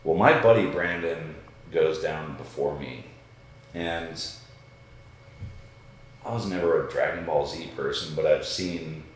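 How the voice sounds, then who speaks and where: A man, a podcast guest, telling a story in a casual way, animated and swearing freely as he acts out what people said. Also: a bass voice, measured pace, pauses often, a little hiss or hum. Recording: very echoey room.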